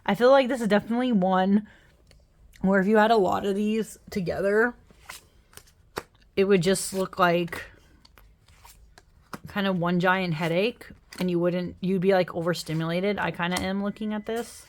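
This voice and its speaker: A young woman talks casually over her card decks, tired after a workday. She rambles and apologizes often, and her voice sits at an ordinary middle pitch. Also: steady tone, normal speed, pauses often, slight background noise. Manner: chatty, apologetic, rambling with frequent laughs. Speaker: tarot deck reviewer. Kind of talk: casual deck flip-through.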